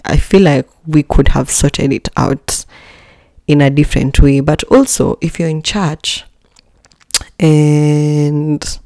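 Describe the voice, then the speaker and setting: A young woman, casually telling a personal story in an animated, dramatic way, slipping into Swahili slang. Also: low-pitched, no echo, studio quality. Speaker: podcast host.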